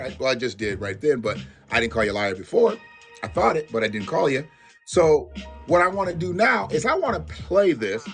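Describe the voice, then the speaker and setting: A man's voice: fairly high pitch, slightly rough. Heated, profane male livestream host. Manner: talks straight to his chat viewers. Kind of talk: live-stream commentary rant.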